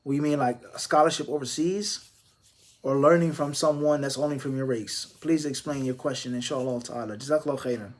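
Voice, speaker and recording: A man, an Islamic scholar, answering viewer questions live, explaining calmly with Arabic religious phrases and pressing his points with strings of rhetorical questions. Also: medium pitch, fairly quick. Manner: emphatic, stacking rhetorical questions.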